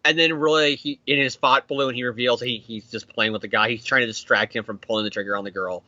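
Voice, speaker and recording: A man's voice: mid-range voice, fairly even intonation, fast, sharp tone, no echo, lo-fi sound. A man casually recapping a comic issue as a podcast host, swearing, joking and slipping into goofy voices for the characters. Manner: profane, jokey, slips into silly character voices.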